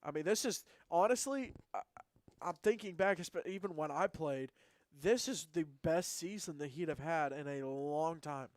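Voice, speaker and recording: A man co-hosts a casual sports radio show and chats on in a rambling, teasing way. His voice sits a little high for a man, and the sound is dry and close. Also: moderate pace, no room sound. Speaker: sports radio co-host, former player.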